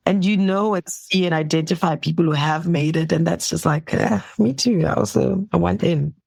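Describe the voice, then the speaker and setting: Speaking from home as an interview guest, a young woman doctor from South Africa reflects on how she got where she is, laughing frequently and acting out quotes with warmth. Her deep voice has a gravelly texture, and there's no room sound.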